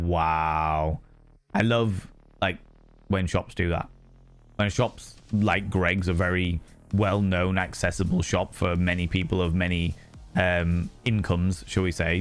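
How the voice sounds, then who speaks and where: A man's voice: sits low, flat delivery, moderate pace, soft background music. A man streaming live, chatting casually with his chat, loose and sweary with plenty of fillers.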